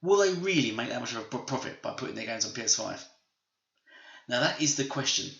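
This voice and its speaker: A man's voice: mid-range voice, animated, brisk, fairly bright tone. A man hosting a gaming channel, ranting emphatically and repeating his points in opinionated commentary. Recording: roomy, slightly dull home recording.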